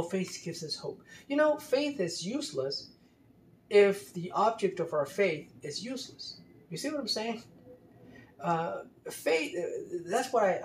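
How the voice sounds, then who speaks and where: A man giving unscripted commentary, emphatic and exasperated, often stumbling into repeated restarts. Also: high-pitched. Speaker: commentator critiquing a religious article. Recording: roomy echo, faint background noise.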